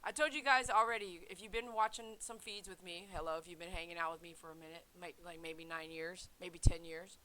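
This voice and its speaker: A woman talking casually on her vlog in an animated, slangy way. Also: fairly low pitch, a little fast, hardly any pauses, slight background noise, rough recording. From United States. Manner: animated, laughing, slangy with "man" fillers. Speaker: vlogger. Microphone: headset.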